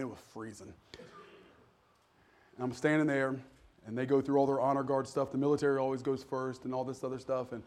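A male pastor preaching a sermon in a conversational, storytelling way, joking with the congregation and rising to sudden loud, emphatic peaks. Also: on the high side. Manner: jokes with the congregation.

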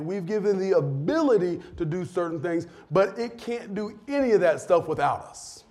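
A man's voice: on the high side, darkish tone. A man preaching a sermon in a chatty way, often laughing and acting out quotes. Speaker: pastor.

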